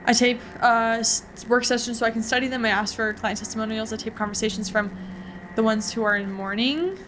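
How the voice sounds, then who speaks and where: A weary, guarded woman who works as a professional mourner, read by a woman in a fairly high voice. She explains herself hesitantly, as if on the defensive. A faint hiss runs under the recording. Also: steady tone, brisk, a bit bright, lightly acted.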